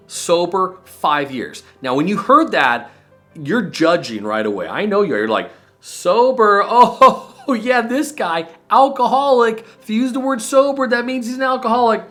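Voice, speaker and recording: A man hosting a casual faith talk, animated and self-mocking with jokes. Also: medium pitch. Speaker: host.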